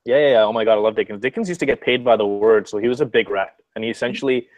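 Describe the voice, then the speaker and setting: A man with a lowish voice talks fast as a guest over a video call. His delivery is casual and profane, and he keeps restarting sentences. The sound is dry and close. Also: no echo, poor audio. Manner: rambling, profane, frequent restarts. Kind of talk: casual chat.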